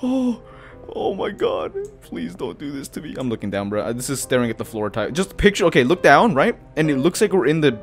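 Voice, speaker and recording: A man's voice: a little high, sing-song, a little fast, gravelly, soft background music. A man giving horror gameplay commentary as a YouTuber, jumpy and panicky, gasping, swearing and laughing nervously. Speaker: gaming YouTuber.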